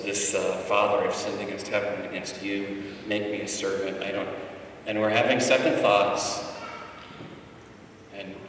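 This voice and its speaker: Middle-aged guy preaching, bright voice, big echoey hall, a bit far off the mic. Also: on the low side, a little hiss or hum. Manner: storytelling, swings from hushed to loud and emphatic. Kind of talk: sermon.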